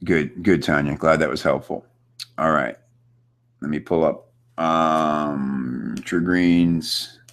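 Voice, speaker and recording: A man's voice: rumbling low, steady tone, slow, pauses often. A man hosting a live online question-and-answer session, chatty and upbeat, talking loosely with plenty of fillers as he reads out viewer questions. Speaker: host of a live online Q&A chat. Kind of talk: casual coaching chat, reading viewer questions. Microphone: computer setup with screen share.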